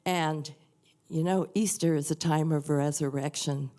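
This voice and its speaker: An older woman giving an earnest, heartfelt personal testimony in a church service, speaking softly and confidingly. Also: sits low, steady tone, unhurried. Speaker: church member sharing a testimony. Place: church sanctuary.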